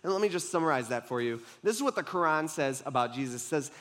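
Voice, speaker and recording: A man's voice: fairly high pitch, animated, fast talker, hardly any pauses, a bit bright. A young adult man preaching a casual, conversational sermon, tossing in "like" and "right?" as he talks to a congregation.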